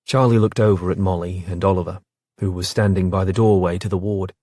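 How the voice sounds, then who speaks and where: A man narrating an audiobook in a measured, steady way. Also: deep voice, dry recording, clean studio sound. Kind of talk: scripted narration.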